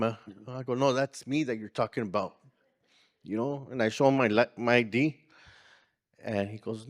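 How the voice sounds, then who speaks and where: A man's voice: mid-range voice, normal speed. A man telling an earnest personal story at a community gathering, acting out the lines of people in it. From California. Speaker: community organizer speaker. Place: conference room.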